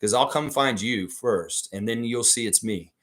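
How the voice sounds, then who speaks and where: A man's voice: mid-range voice, normal speed, a bit bright. A man hosting a live stream, chatting casually and reading viewer comments aloud with rambling, opinionated takes.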